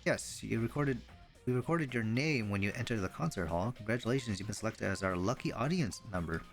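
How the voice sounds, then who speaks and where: A man's voice: fairly low pitch, lively intonation, a little fast, soft background music. A man reading the lines of a cheerful young woman pop idol in an upbeat, friendly way.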